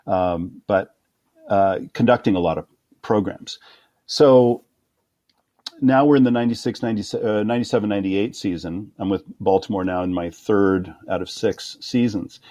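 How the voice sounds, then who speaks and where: A middle-aged man, a conductor, telling career stories in an interview, acting out other people's voices with quick laughs. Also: lowish voice, no echo, muffled recording. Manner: animated anecdotes, acting out quoted voices with laughs. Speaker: guest conductor. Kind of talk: storytelling interview.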